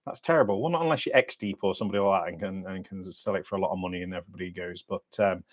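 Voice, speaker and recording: A British man hosting a diving channel's livestream Q&A, talking bluntly in sweary, matey banter with lively swings in pitch and loudness. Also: racing. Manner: animated, lively ups and downs in pitch and loudness.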